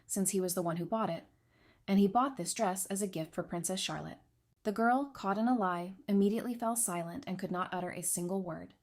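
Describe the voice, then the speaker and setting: A woman narrates a romance comic recap as a scripted story. She reads at a steady, even pace in a voice of middle pitch. Her delivery keeps to plain storytelling.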